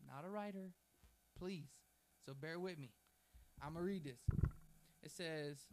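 A man's voice: on the high side, measured pace, long pauses. A man preaching a sermon, fervent and emphatic, building repeated phrases, with folksy, informal asides. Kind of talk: sermon with a read-aloud prayer.

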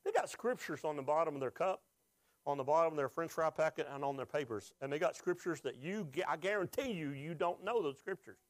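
A man's voice: on the high side, expressive, fairly quick, no echo. A pastor preaching a sermon, asking the congregation questions and rising with emotion as he is moved.

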